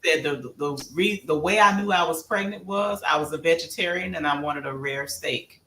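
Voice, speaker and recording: A man in casual podcast chat, calmly retelling a story he read. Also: fairly high pitch, moderate pace. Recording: roomy, distant mic with faint noise.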